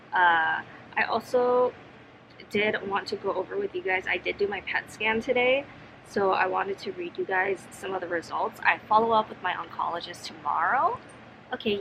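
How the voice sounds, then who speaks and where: Soft, hesitant young woman vlogging at home. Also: medium pitch, background noise. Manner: soft-spoken, hesitant, many ums and restarts. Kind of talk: casual vlog chat. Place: home, sitting on the floor. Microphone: camera mic.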